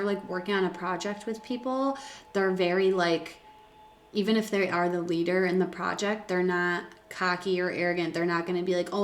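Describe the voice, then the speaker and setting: A woman with a lowish voice gives a casual tarot reading, rambling through fillers and restarts. Her voice bounces around a roomy space, with faint ambient noise behind it. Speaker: tarot reader.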